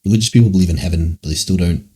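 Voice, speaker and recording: A man with a very deep, dark voice and a husky edge answers chat questions on a casual livestream. He rambles and muses, swearing freely as he thinks aloud. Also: racing. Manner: rambling, musing, frequent swearing.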